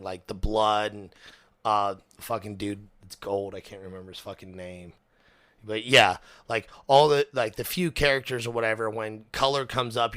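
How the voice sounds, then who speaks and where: A young man with a low, bright, forceful voice talks loosely as a podcast host. He is animated and full of fillers and restarts. The sound is close and dry. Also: no echo. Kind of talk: casual chat.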